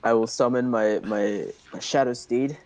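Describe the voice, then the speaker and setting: A man's voice: medium pitch, fairly even intonation, normal speed, crowd noise, poor audio. A man playing a tabletop role-playing game, talking casually with many fillers and a playful, hesitant manner. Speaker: player.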